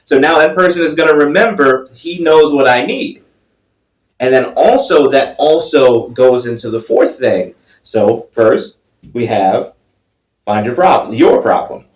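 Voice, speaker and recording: A man's voice: medium pitch, animated, a little slow. A man talks through business ideas one step at a time, like a patient teacher. His voice sounds a little distant from the mic. The room around him is echoey. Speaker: podcast co-host, financial advisor. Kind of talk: casual podcast chat.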